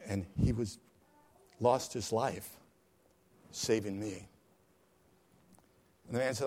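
A male pastor telling a story in a sermon, dramatic, swinging from hushed tones to loud cries. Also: on the low side, takes it slowly, pauses often, breathy edge.

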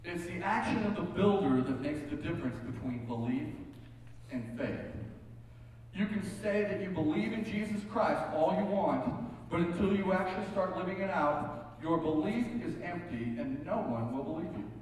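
A man's voice: high-pitched, animated, normal speed, a little mellow. A male pastor preaching a sermon, telling folksy stories with joking asides. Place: church sanctuary. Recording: echoey hall from far off.

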